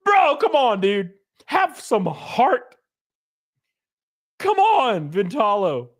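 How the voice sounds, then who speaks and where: A whiny grown man sobbing and pleading in a high, strained voice, as a man mocks him. The pitch jumps far above a normal speaking voice, and each plea is drawn out. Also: wildly swooping pitch, very slow, heavily acted.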